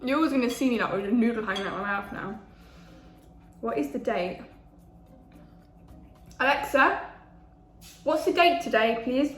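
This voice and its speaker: A woman in her 20s with a highish voice talks a little fast as a food vlogger, chatting casually between bites in a mukbang. The room is echoey with faint ambience, and soft background music plays.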